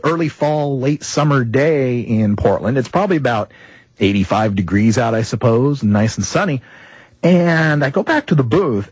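A man's voice: medium pitch, slightly rough, no echo, muffled recording. A man hosting a talk radio show, telling a story to listeners in a rambling, chatty way that corrects itself as he goes. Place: radio studio.

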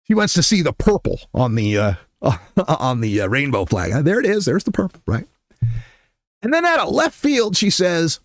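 A man in his fifties telling a personal story in a casual way, animated and self-deprecating, often laughing. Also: a little high, measured pace, pauses often, no room sound, studio quality. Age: 50s. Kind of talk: conversational storytelling.

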